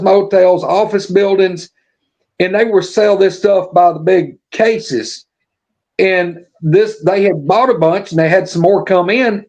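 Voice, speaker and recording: A man's voice: high voice, darkish tone, dull audio. A man casually telling a long, folksy, profane story on a podcast, acting out what everyone said. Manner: folksy, profane, acts out quoted dialogue.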